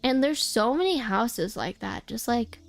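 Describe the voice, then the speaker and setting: A woman's voice: a little high, expressive, a little slow, creaky, soft background music. A young woman streaming a game, chatting casually and rambling with many restarts. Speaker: VTuber streamer.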